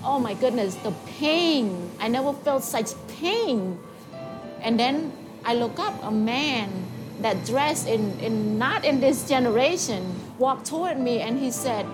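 A woman with a fairly high voice tells her personal faith testimony. She speaks in halting, emotional phrases and often restarts. Music plays clearly behind her. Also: lively intonation. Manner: halting, emotional storytelling with repeats.

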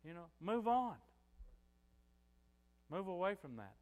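A man's voice: sits high, sing-song, slow pace, darkish tone, long reverb tail. An older man preaching a sermon as pastor, in a conversational way with many "you know" fillers.

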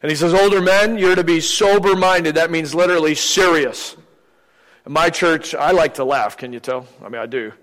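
A man's voice: on the high side, moderate pace, a bit bright, long reverb tail, low-quality recording. An older man, a visiting preacher, giving a sermon in a joking, conversational way, acting out little anecdotes. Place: church sanctuary.

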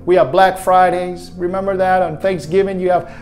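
A man with a notably high voice delivers an earnest, repetitive sermon and leads a spoken prayer. Faint music plays quietly behind him. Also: little pitch movement, normal speed. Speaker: preacher. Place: his own online broadcast to viewers at home.

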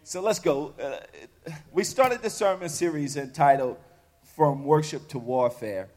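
A man's voice: on the high side, expressive, unhurried, a little mellow. A male pastor preaching a sermon, repeating phrases and rising to fervor. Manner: call-and-response preaching, repetitive, rising to fervor. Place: church sanctuary. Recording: long reverb of a large hall.

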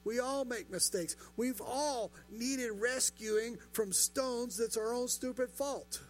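A man's voice: very high voice, takes it slowly, a little hiss or hum. A pastor preaching a sermon, building his points through rhetorical questions and repetition.

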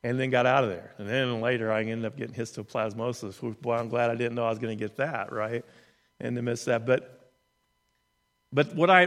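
A man telling a personal story in an earnest, conversational way, often restarting his sentences. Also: medium pitch. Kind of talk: storytelling in a talk. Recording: long hall reverb.

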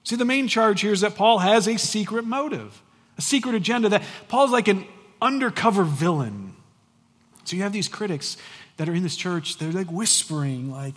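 In a large hall, a pastor in his forties preaches a sermon in a high-pitched, brisk voice. He's emphatic and animated, slipping in casual conversational asides.

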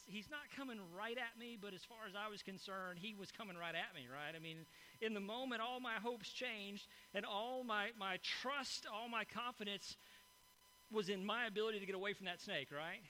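A man's voice: high-pitched, normal speed, sharp tone, slight background noise, low-quality recording. A middle-aged man preaching a sermon to a congregation, in a conversational, storytelling manner with frequent "right?" asides. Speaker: pastor. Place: church hall before a congregation.

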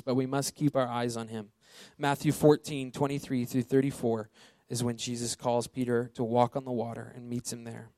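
A man's voice: fairly high pitch, darkish tone, no echo. A man preaching a sermon in a conversational way, often asking rhetorical questions and checking in with "right?". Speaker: pastor.

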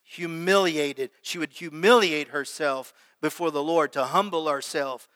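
A man's voice: fairly high pitch, fairly even intonation, unhurried, a bit bright, smooth. A man preaching a sermon as pastor, talking conversationally and putting questions to his congregation. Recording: long hall reverb.

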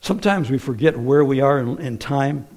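Man preaching with a lively, rising voice. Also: medium pitch, moderate pace. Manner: conversational, rhetorical questions to the congregation. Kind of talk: sermon.

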